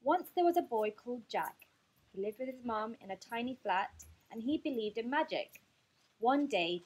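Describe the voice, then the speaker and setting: A woman teacher reading a picture book aloud to her class in an expressive, lively way. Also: on the high side, breathy edge, rough recording.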